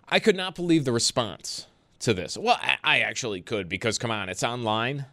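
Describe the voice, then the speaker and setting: A male sports radio host with a lively, swinging delivery, ranting about online overreactions with exasperated laughs. He talks fast and loose, in an easy conversational way. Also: mid-range voice, creaky. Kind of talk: call-in sports talk.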